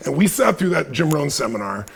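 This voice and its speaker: A man in his fifties with a raspy voice, telling a story during a live webinar and acting out the dialogue with intensity. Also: fairly high pitch, very animated, brisk, slight background noise. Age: 50s. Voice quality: raspy, gravelly. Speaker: guest speaker.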